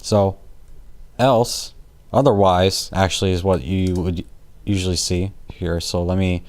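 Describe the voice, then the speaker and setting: A man's voice: low voice, steady tone, a little slow, a little mellow. Rambling, jokey man teaching code. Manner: rambling, jokey, many fillers and self-corrections. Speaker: programming tutor. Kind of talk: casual screen-recorded coding lesson.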